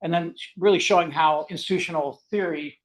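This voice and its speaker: Fast-talking older Canadian man lecturing. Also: on the high side, steady tone, low-quality recording. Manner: fast, rambling conversational delivery. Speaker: guest lecturer. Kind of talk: academic seminar lecture.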